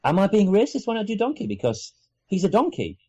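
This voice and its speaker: A grown man from Wales co-hosting a casual podcast, animated and hesitant, often restarting his sentences. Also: sits high, fairly quick, slightly rough, lo-fi sound. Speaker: podcast co-host. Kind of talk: casual chat.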